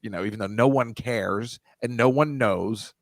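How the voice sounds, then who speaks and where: A man's voice: fairly low pitch, normal speed. A man co-hosting a podcast in casual chat, rambling and musing aloud and laughing easily. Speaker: podcast co-host.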